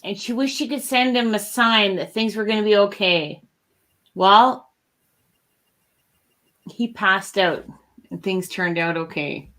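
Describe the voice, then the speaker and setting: A woman co-hosting a casual talk show, chatting in an animated, goofy way. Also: medium pitch, takes it slowly, long pauses. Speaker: co-host. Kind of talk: casual chat.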